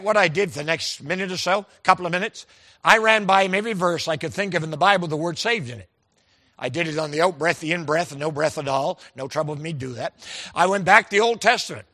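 A man's voice: high-pitched, quick pace, pushed and bright. A man preaching a sermon, telling folksy stories with quoted dialogue and stressing key words emphatically.

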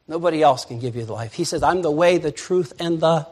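An older man preaching a sermon as pastor, dropping to soft murmurs and rising to loud shouts. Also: on the high side, sing-song, normal speed.

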